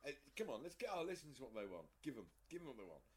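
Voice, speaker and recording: A man cracks crude, swear-filled jokes while co-hosting a podcast over a video call. His pitch moves a lot, and his delivery stays animated throughout. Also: racing, breathy edge. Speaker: podcast co-host. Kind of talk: crude joking banter. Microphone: headphones on a video call.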